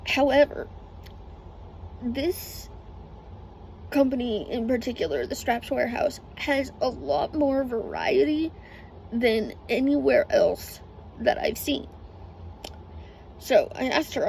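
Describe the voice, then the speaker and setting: A woman chatting casually to camera in an RV, high and gravelly in tone. She talks slowly and drifts from thought to thought, filling gaps with ums. Faint background noise sits under the camera mic. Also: darkish tone, rough recording. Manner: rambling, lots of ums and trailing thoughts. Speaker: vlogger. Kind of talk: casual vlog chat. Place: indoors in an RV.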